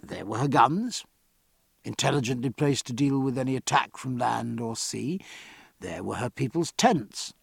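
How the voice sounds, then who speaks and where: A man narrating a historical sea novel in a measured, expressive audiobook reading. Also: medium pitch, vocal fry, slightly rough, no room sound, studio quality.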